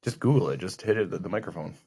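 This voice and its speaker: A man's voice: low-pitched, expressive, gravelly, dark tone, breathy edge. Joking, rambling male podcast co-host. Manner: joking, rambling, quick to interrupt. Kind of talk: casual chat.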